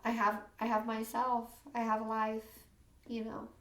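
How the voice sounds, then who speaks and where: In an echoey room, a woman from the USA speaks at a measured pace in a slightly high, monotone, fairly bright voice. As an interview guest, she tearfully and earnestly recounts her personal story, often repeating phrases and using "you know."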